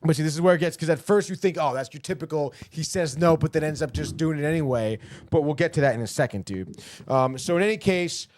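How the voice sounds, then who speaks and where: A man's voice: on the high side, fast talker. A man hosting a podcast, animatedly retelling a TV episode and tossing off the characters' lines himself, with plenty of swearing. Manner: animated storytelling, voices the characters' quips in passing, swears often. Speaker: podcast host. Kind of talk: casual recap of a TV episode.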